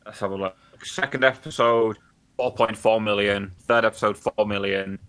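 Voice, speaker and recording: A man's voice: on the low side, steady tone, moderate pace, a bit bright. A young man co-hosting a podcast, talking bluntly in casual chat with lots of swearing and filler words. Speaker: podcast co-host.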